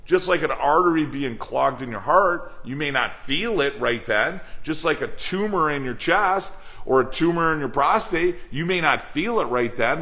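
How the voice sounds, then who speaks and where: A man's voice: fairly high pitch, bright, forceful tone. A man, a chiropractic coach, gives an earnest motivational talk to colleagues, asking rhetorical questions and acting out patient and dentist dialogue. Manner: acts out dialogue in an everyday voice.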